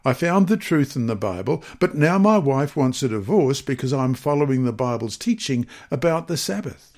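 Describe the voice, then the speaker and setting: A man's voice: medium pitch, sing-song, moderate pace, darkish tone. A man reading aloud the quoted words of an earnest, devout husband in a story.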